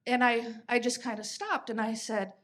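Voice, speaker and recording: A woman's voice: on the high side, fairly even intonation, normal speed, fairly bright tone, a little hiss or hum. Chatty woman telling anecdotes. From United States. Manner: anecdotal, chatty, frequent fillers and restarts. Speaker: podcast host. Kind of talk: conversational storytelling.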